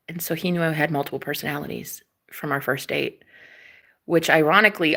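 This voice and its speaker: A young woman telling a personal story in a casual, chatty way, swearing freely and acting out what others said. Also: on the low side. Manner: animated, chatty, swears freely, acts out quoted voices.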